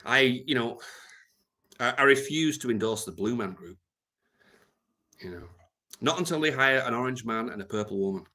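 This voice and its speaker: A man rambling on his live stream, deadpan and meandering, with lots of ums and trailing thoughts. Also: medium pitch, normal speed, long pauses. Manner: meandering and deadpan, heavy with fillers.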